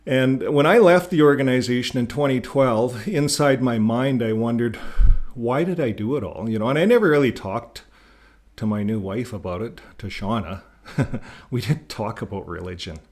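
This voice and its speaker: A man's voice: mid-range voice, normal speed, a little mellow. Older man rambling casually to camera. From Canada. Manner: rambling, repeats words, chuckles. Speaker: YouTube channel host.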